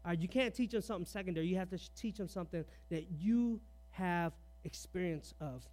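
High-voiced man preaching with rhetorical questions. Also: brisk, a little mellow. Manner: rhetorical questions, frequent "all right" fillers; earnest, conversational preaching with personal anecdotes. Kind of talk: sermon.

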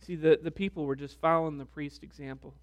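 A man preaching a sermon as pastor, reading scripture with deliberate emphasis. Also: on the high side, fairly even intonation. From United States.

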